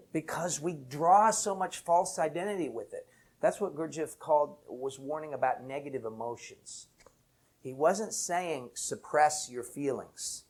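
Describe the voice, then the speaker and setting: A man, an enneagram teacher, telling a reflective story with bursts of laughter. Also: a little high. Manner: animated anecdote with laughter.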